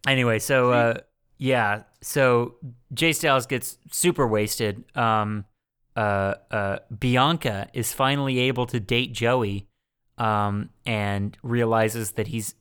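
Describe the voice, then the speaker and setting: A man's voice: mid-range voice, takes it slowly, fairly bright tone, clear, resonant tone. A young man co-hosting a podcast, recapping a movie in a jokey, profane way and laughing often. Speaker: podcast co-host. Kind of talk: casual movie-recap chat.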